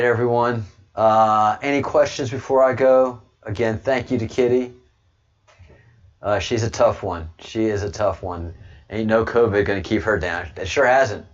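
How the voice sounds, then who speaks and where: A man's voice: mid-range voice, muffled recording. A man hosting a livestream, talking casually to viewers in a rambling way with frequent restarts. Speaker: livestream host.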